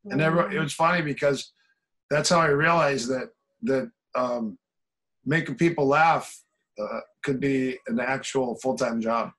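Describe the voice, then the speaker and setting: A man's voice: medium pitch, measured pace, a bit bright, low-quality recording. A man who coaches martial arts, telling a funny story on a casual podcast and laughing often as he goes.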